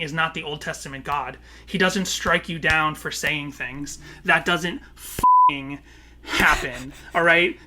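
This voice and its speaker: Bright-voiced man ranting on a podcast. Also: fairly high pitch. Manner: impassioned, swears freely, long explanatory monologue. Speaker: podcast co-host. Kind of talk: casual podcast chat.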